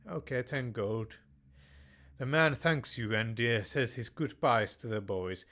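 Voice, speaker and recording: A man plays a text strategy game, reading its text out loud and commenting hesitantly, with lots of fillers, restarts and joking verdicts in the manner of a mock tyrant. His medium-pitched voice is bright and forceful, and he takes things slowly.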